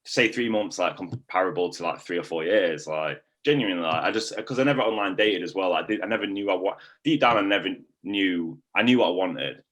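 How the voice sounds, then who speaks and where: A man's voice: low voice, brisk, hardly any pauses, fairly bright tone. A young man, chatting casually in a testimonial and rambling with lots of filler words. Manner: rambling, heavy use of "like" fillers. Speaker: coaching client.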